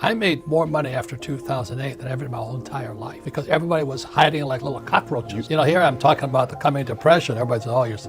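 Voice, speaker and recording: A man's voice: mid-range voice, very fast, few pauses. Blunt emphatic older man in his seventies. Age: 70s. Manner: blunt and emphatic, repeats words for stress. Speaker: author being interviewed as a guest. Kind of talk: interview. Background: background music.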